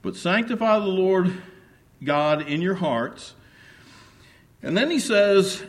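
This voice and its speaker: A man's voice: high-pitched, animated, slow, pauses often. A man preaching a sermon in an earnest, repeating style, asking the congregation questions and chuckling between phrases.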